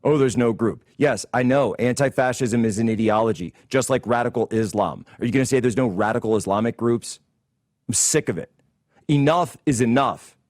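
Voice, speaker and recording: A man's voice: mid-range voice, moderate pace, darkish tone, dry recording. Indignant male political host, dry sound. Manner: combative, indignant ranting. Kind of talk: political commentary monologue.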